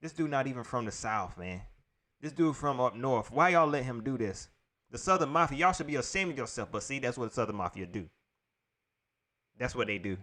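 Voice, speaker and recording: A man's voice: mid-range voice, animated, fairly quick, pushed and bright. A man hosting a casual solo livestream, rambling and exasperated as he vents to his viewers and repeats his points. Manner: rambling, exasperated sports-fan venting to chat; addresses viewers directly, repeats himself. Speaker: livestream host.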